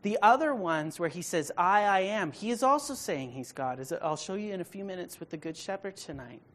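A woman leading an evening Bible study, speaking emphatically, checking in with her listeners by asking questions, and rising to a loud, forceful pitch when she reads scripture aloud. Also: animated, a little fast. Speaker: Bible teacher.

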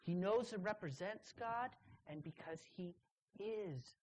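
A woman's voice: mid-range voice, a little mellow, rough recording. Emphatic woman preaching a sermon. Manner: emphatic, drawn-out pauses on key words. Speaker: preacher at a student gathering.

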